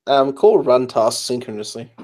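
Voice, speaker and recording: Up late at night and tired, a man gives programming advice, explaining his choices in casual, hesitant chat with many fillers. His mid-range voice is a little mellow, with lively intonation at a moderate pace.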